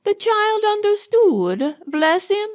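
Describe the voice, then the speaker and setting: A woman's voice: extremely high pitch, big pitch swings, slow pace, pitched above the performer's own voice, heavily acted. A woman voicing a fond, gossipy old nanny with a British accent.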